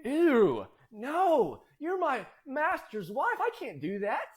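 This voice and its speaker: A man voicing an upright young man who loudly refuses, shouting in disgust. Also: extremely high pitch, wildly swooping pitch, slow, pitched above the performer's own voice, exaggerated voice. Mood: indignant.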